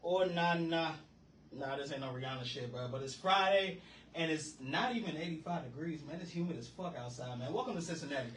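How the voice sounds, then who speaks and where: A man hosting a radio show, talking in an energetic, slangy and profane way. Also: a little high, fairly quick, slight background noise. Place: radio studio. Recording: roomy room, distant mic.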